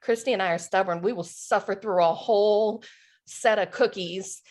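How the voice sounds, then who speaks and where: A woman's voice: mid-range voice, normal speed, darkish tone. A woman teaching an online cookie decorating class over a video call, upbeat and encouraging, laughing often.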